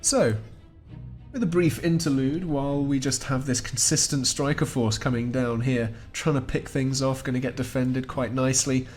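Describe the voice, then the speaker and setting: A man's voice: mid-range voice, steady tone, normal speed, darkish tone, soft background music. A man giving chatty, wry play-by-play commentary on a strategy game match as the host, chuckling often. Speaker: esports caster.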